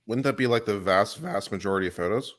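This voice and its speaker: A man's voice: fairly low pitch, quick pace. A man chatting as a guest on a live panel in an easygoing, wry way. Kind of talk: casual chat.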